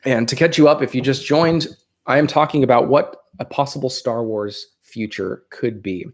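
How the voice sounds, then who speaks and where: A man's voice: medium pitch, moderate pace. A man with a Californian accent hosting a casual livestream, thinking aloud and rambling with fillers. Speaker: livestream host.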